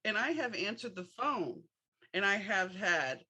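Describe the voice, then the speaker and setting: A woman's voice: medium pitch, big pitch swings, measured pace, bright, forceful tone, breathy edge. A woman hosting a podcast, chatting frankly in a casual interview and drawing on her own stories. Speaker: podcast host.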